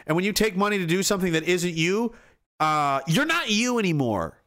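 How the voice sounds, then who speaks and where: This Atlantic Canadian livestream host reads his chat while ranting with lots of swearing, going from shouting to muttering. He has a high-pitched voice with big pitch swings and talks at normal speed.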